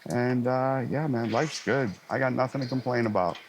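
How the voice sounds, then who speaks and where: Middle-aged male sound guy, interview guest; casual anecdotal delivery, voices other people in a raised pitch; mid-range voice. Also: moderate pace, a little hiss or hum. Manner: animated anecdotes, acting out others' lines in a raised voice; frequent fillers and restarts, easygoing.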